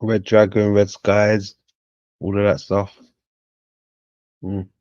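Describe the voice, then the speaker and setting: Low-voiced man musing aloud. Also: little pitch movement, slow, darkish tone, dry recording. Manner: rambling, self-correcting. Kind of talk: casual musing chat. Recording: dry, dull lo-fi sound.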